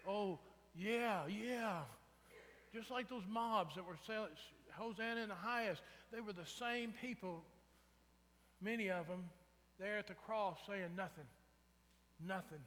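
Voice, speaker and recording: High-voiced preacher in reverb. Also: male voice, fairly bright tone. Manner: conversational, asks the congregation "right?". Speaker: pastor. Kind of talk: sermon. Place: church sanctuary. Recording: reverberant church sanctuary.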